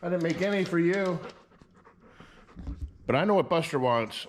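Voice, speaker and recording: A man vlogging casually, switching to a high sing-song voice for his dog and talking easily to the camera. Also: moderate pace. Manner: relaxed, easygoing narration. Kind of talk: casual vlog chat. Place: at home with a dog.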